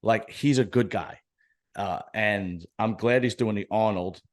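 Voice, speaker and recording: Brief: deep-toned male podcast host, profane, jokey, rambling casual chat. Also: a little slow. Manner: joking, profane, rambling with restarts.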